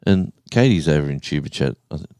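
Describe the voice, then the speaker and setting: A man in his sixties, hosting a casual live stream, rambling and halting as he reads out the viewers' chat. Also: rumbling low, lively intonation, dark tone, clean tone, dry recording, clean studio sound. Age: 60s. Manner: rambling, halting, with many restarts and fillers.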